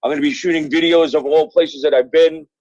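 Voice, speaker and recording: A man's voice: fairly high pitch, fairly even intonation, fairly quick, darkish tone, no echo. A middle-aged man from Brooklyn, a guest telling rambling, profane stories full of fillers over the phone. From Brooklyn, New York. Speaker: guest, author. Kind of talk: casual interview chat. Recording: dull phone-call audio.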